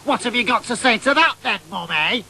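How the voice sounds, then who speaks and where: A comic character, a squeaky nasal oddball. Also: male voice, expressive, brisk, vocal fry, sharp tone, slight background noise, full character voice, poor audio. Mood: excited. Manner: nasal, chatty, keeps asking "right?". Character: excitable boyish man telling tall tales. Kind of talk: comic monologue storytelling.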